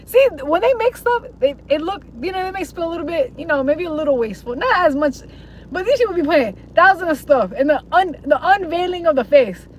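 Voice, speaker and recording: With a very high, expressive voice and brisk delivery, a young woman chats casually to her livestream audience, rambling, using slang, swearing freely, and mocking voices. A little hiss or hum runs through the rough recording.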